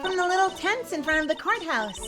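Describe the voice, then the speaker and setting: A woman voicing an excitable young woman sidekick, chirpy and upbeat, over background music. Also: very high voice, fairly quick, voice pushed up. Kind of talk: dramatic game reading.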